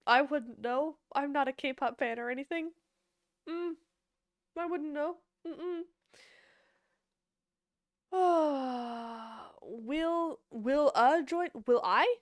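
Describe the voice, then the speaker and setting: A young woman casually chatting with her livestream chat as an esports caster and analyst, bubbly and quick to laugh. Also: fairly high pitch, dry recording, clean studio sound.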